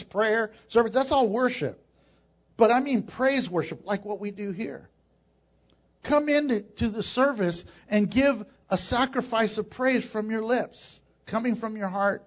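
A male pastor preaching a sermon in a church, animated and joking with laughing asides. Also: high voice, lo-fi sound.

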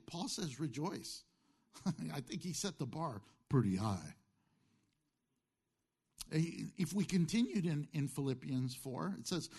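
A man's voice: sits high, breathy edge. A man preaching a sermon as pastor, firing questions at the congregation and answering them himself, with jokey asides.

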